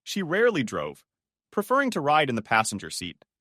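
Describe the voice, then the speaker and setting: A man's voice: on the high side, wildly swooping pitch, a little fast, pushed and bright, no room sound, studio quality. A man doing scripted dramatic narration in an emphatic manner.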